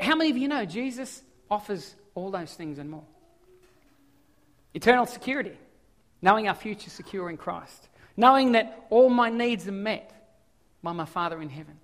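An Australian man preaching a sermon as a pastor, telling stories in an animated way. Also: high-pitched. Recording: long hall reverb.

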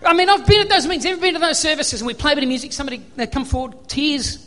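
A man's voice: very high-pitched, racing, sharp tone, in a large hall. An Australian man preaching a sermon, telling personal stories and acting out remembered dialogue. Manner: storytelling, acts out remembered dialogue.

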